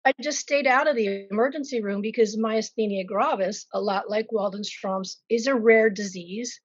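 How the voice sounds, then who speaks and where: A woman's voice: mid-range voice, moderate pace, dry recording, muffled recording. A woman being interviewed as a patient, speaking frankly and vividly about her own illness with self-deprecating asides. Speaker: patient sharing her story. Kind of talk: candid personal interview.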